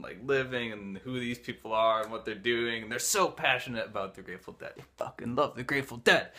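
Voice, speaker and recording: A young man casually telling a personal story, animatedly acting out the dialogue of the people in it. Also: mid-range voice. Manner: animated, acts out dialogue in quoted voices. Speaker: host.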